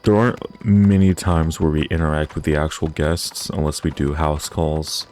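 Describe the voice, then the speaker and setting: A man's voice: very deep voice, fairly even intonation, moderate pace, a little mellow. A young man chatting casually over gameplay, rambling with lots of filler words. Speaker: gaming channel host.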